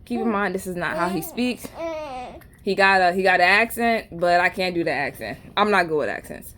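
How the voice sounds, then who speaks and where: A woman's voice: fairly low pitch, lively intonation, moderate pace, crowd noise. Chatty New York woman vlogging. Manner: rambling, conversational, slangy and joking. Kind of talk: casual storytelling chat.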